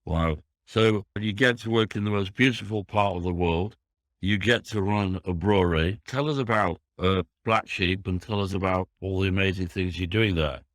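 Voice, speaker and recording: Yorkshire male host, low-pitched, chatty and enthusiastic, rambling questions. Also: normal speed, no echo, studio quality. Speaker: podcast host. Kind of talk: business podcast interview.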